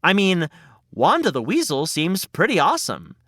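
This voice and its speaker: Animated male storytelling podcast host. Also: high voice, normal speed, dry recording, clean studio sound. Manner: bright, animated and playfully bewildered.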